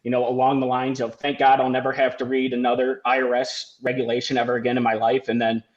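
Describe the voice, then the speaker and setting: Podcast guy chatting and asking questions, relaxed, kinda muffled lo-fi audio. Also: medium pitch, quick pace. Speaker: podcast co-host. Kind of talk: casual chat.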